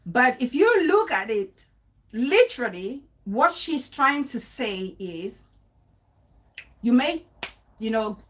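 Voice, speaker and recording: Chatty woman hosting a livestream. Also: on the high side. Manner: animated, repeats phrases, greets chat viewers mid-sentence, laughs easily. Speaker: livestream host. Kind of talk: casual live-stream talk to viewers.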